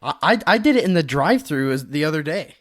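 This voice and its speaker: Man, goofy playful banter, bouncy melodic voice, slightly high, dry sound. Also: big pitch swings, fast, dry recording. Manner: silly, playful, bursts of put-on voices.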